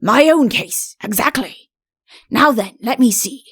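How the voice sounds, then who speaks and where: A woman's voice: on the high side, animated, a little slow, breathy edge, no room sound, studio quality. A woman doing a hearty bumbling king. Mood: genial. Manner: hearty, fussy, exclaiming. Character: genial, bumbling male fairy-tale king.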